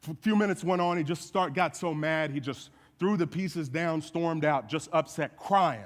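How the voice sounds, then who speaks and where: A man's voice: fairly high pitch, normal speed, few pauses. Man preaching in an echoey hall. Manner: animated storytelling with folksy asides. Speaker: guest speaker. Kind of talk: sermon. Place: church sanctuary.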